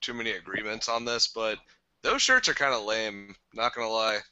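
A man's voice: on the low side, moderate pace, sharp tone, smooth, no echo. A man co-hosting a podcast in casual chat, rambling with lots of "like" and easy laughs. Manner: rambling, filler-heavy, laughs easily. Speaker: podcast co-host. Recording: dry lo-fi sound.

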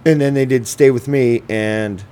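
A man's voice: mid-range voice, unhurried, dark tone, slight background noise. A man hosting a casual radio show, telling stories at a loose, rambling pace with lots of fillers and swearing. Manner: rambling, laid-back, swearing, many fillers. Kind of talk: casual chat.

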